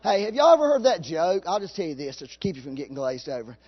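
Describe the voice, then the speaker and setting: A man preaching a sermon in a folksy, animated way, laughing at his own jokes. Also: on the high side, fast talker, slightly rough, lo-fi sound.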